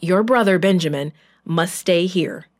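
Joseph, stern governor voiced by a woman. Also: lightly acted. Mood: commanding. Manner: commanding, slow and low.

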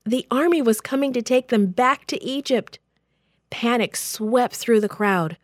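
A woman reading a children's Bible story aloud in a gentle, expressive storytelling voice. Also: fairly high pitch, a little slow, no room sound, clean studio sound.

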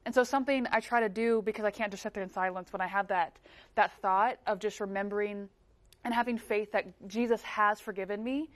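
A woman's voice: medium pitch, steady tone, fairly quick. A woman talking casually in a group Bible discussion, telling stories and acting out the voices she quotes. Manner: storytelling, acts out quoted voices, laughs easily. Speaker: panel member.

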